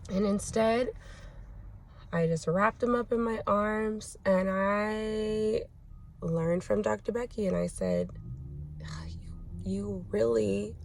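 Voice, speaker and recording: A young woman telling a parenting story in a casual vlog, reflective and gentle, pausing often. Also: medium pitch, a little hiss or hum. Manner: reflective, gentle, with many pauses and fillers. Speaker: mother sharing a parenting story.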